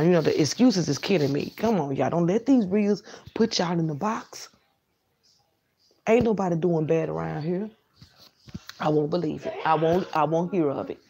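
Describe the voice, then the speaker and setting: Blunt, husky-voiced woman ranting. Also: lowish voice, mellow. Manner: blunt, preachy, repeats phrases for emphasis. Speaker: vlogger. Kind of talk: motivational rant to viewers.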